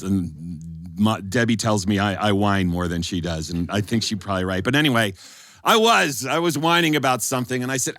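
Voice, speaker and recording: A man's voice: fairly low pitch, a bit bright, no echo. A man telling stories and leading a sing-along before a live studio audience, chatty and laughing as he goes. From Massachusetts. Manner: chatty, laughing, leads the crowd in singing. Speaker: storyteller and songwriter.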